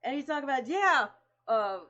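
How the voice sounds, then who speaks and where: A woman streaming live tells a long story in a loose, rambling way, full of "like" and "you know". Her voice sits a bit high, and the stream audio sounds dull and lo-fi. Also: brisk. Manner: animated, rambling, many fillers. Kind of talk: casual storytelling.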